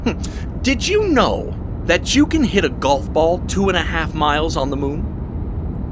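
A smug, chattering villain. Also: male voice, background noise. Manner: mocking, chattering, theatrical swings in pitch. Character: chatty smug male riddler villain, needling. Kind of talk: audio drama acting.

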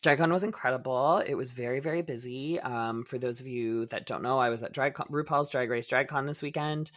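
Animated, profane young man storytelling. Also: mid-range voice, fairly quick. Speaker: podcast co-host. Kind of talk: casual chat.

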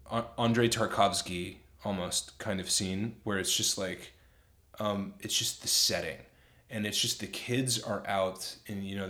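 A man's voice: lowish voice, a bit bright. A young man co-hosting a film review podcast, chatting casually and rambling with lots of fillers. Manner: rambling, many fillers, enthusiastic. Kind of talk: casual chat.

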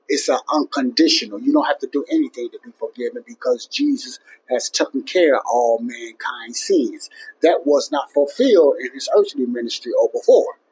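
A man's voice: fairly high pitch, a little mellow, breathy edge, poor audio. A man teaching the Bible in an informal, emphatic way, often repeating himself and restarting his phrases. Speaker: Bible teacher and podcast host.

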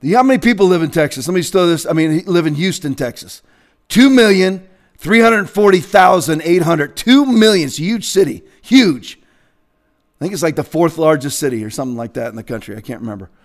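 A man delivers a heated sermon from the pulpit. His voice sits high to begin with and climbs even higher as he presses one rhetorical question after another. At its peaks it breaks into shouting. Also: a little fast. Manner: voice climbs high when agitated. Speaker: pastor. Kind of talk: political sermon rant.

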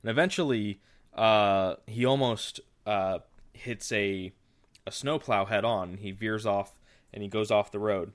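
A man's voice: on the low side, steady tone, a little slow. A man hosting a podcast, casually retelling a story in a loose, rambling way. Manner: rambling, with frequent fillers and restarts. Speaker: podcast host.

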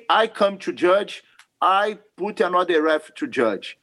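A male podcast guest who works as a jiu-jitsu referee speaks in a high, sharp-toned voice, animated yet unhurried, in broken non-native English. In this casual interview he comes across as earnest and emphatic.

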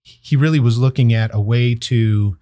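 A man speaking as a guest on a podcast interview, a county probation chief explaining things in a measured, thoughtful way with frequent fillers and restarts. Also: medium pitch, mellow, no room sound.

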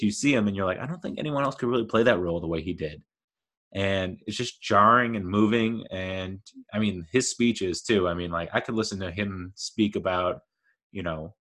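A man's voice: fairly low pitch, fairly bright tone. A man giving a casual, rambling, enthusiastic film commentary as a movie reviewer.

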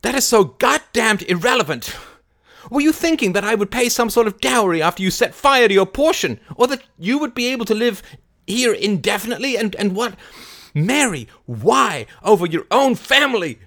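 A man voicing an agitated young gentleman who talks in an anguished, stammering, reproachful way. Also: fairly high pitch, lively intonation, moderate pace, dry recording, clean studio sound.

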